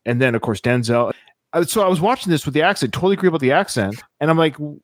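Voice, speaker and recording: A man co-hosting a podcast, talking about a film in a casual, animated and opinionated way. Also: on the high side, racing, no echo, clean studio sound. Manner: animated, opinionated, restarts often. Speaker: podcast co-host.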